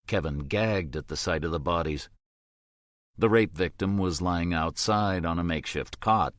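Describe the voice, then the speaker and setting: A man reading a thriller audiobook in a measured, grave storytelling manner. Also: low voice, no echo, clean studio sound. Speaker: audiobook narrator. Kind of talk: scripted narration.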